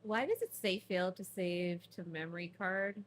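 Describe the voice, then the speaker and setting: A woman's voice: on the low side, steady tone, moderate pace, a little hiss or hum. A woman streaming a game from home, chatty and laughing often, her throat sore from smoke allergies. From Canada. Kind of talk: casual let's play chat.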